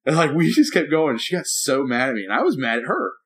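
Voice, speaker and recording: A man co-hosting a casual podcast, a preacher who tells stories animatedly and turns loud and emphatic when reliving an argument. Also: a little high, very animated, quick pace. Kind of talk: casual chat.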